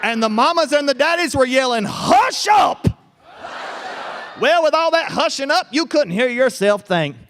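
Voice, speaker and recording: A man's voice: very high-pitched, expressive, a little fast, few pauses, a bit bright. A man telling a tall tale in a folksy drawl to a family audience at a festival tent. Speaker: storyteller. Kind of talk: live storytelling to a family audience.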